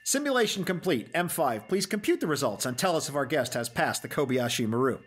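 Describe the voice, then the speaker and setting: A podcast host with a medium-pitched, expressive voice talks fairly quickly during an interview. He theatrically and playfully announces a mock game-show quiz.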